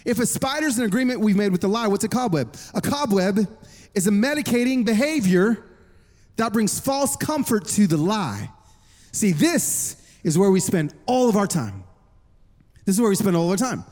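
A man preaching a sermon, telling stories with animated delivery and voicing other people's lines. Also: sits high, normal speed. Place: large hall with an audience. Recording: long hall reverb.

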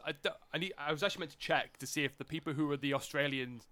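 A man's voice: a little high, very fast, a crowd in the background. A man rambling through his points in a casual film podcast chat. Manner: rambling, restarts sentences. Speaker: podcast co-host.

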